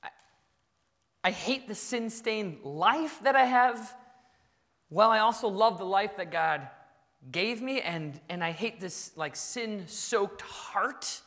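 A male pastor preaches in a bright, high voice that jumps all over its range. He swings between loud bursts and quiet asides, and his voice rings out in the long reverb of a large church hall. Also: animated, takes it slowly. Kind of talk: sermon. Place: church sanctuary.

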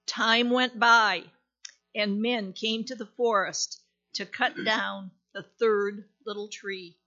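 A woman reading a story aloud in a gentle, deliberate manner with dramatic pauses. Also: medium pitch, fairly even intonation, dull audio.

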